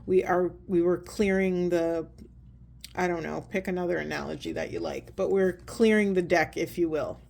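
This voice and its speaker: Woman, oracle card reader, soft and earnest, meandering delivery with fillers. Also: fairly low pitch, steady tone, normal speed, gravelly. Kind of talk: spiritual card reading talk.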